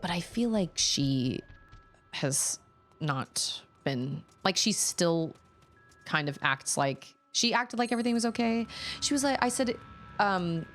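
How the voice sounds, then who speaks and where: A woman's voice: lowish voice, lively intonation, slow pace, fairly bright tone, soft background music. A woman in her thirties, a streamer casually telling a long story while playing a game, rambling and self-conscious with many restarts.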